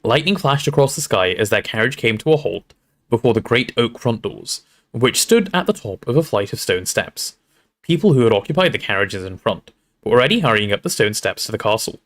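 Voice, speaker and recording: A man reading a storybook aloud to a livestream audience in an expressive, relaxed storytelling manner. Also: medium pitch, brisk. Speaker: streamer reading aloud to chat.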